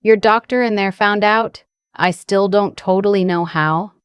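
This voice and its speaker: A woman voicing a soft-spoken young woman in an audio drama, who speaks gently and confidingly with emotion close to the surface. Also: medium pitch, unhurried, clear, resonant tone, no room sound, natural voice. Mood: tender.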